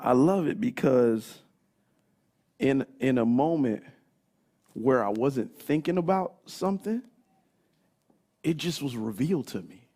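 A man in his thirties preaching a sermon, telling stories in an animated way that climbs into shouts. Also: medium pitch, unhurried, pauses often. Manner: animated storytelling, rising to shouts. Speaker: pastor.

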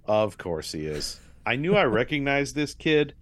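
A man's voice: medium pitch, big pitch swings, a little slow, a bit bright, no room sound. A man co-hosting a podcast, talking through a film in a thoughtful, hedging, casual way. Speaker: podcast co-host. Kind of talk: casual movie discussion.

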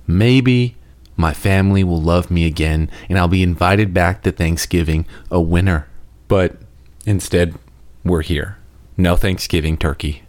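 A man hosting a comedic sports monologue, sarcastic and self-deprecating, with dramatic pauses. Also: low-pitched, no room sound. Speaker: podcast host.

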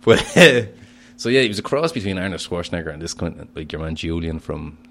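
A man's voice: low voice, lively intonation, fairly quick, a bit bright, a little hiss or hum. A young Irish man, a fighter, chatting brashly on a podcast, boastful and laughing often. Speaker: fighter guest. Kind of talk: casual podcast chat.

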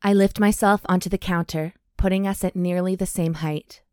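A woman co-hosting a podcast chats casually and reads a steamy romance novel aloud, slowing down on the hot lines with breathy emphasis and laughing often. Her fairly low, a little mellow voice stays fairly even, recorded in a clean studio with no room sound and faint music behind.

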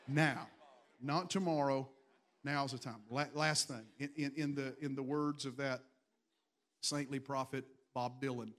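A man's voice: a little high, a bit bright. A man, a pastor preaching a storytelling sermon to his congregation with bursts of raised emphasis. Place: church in front of a congregation.

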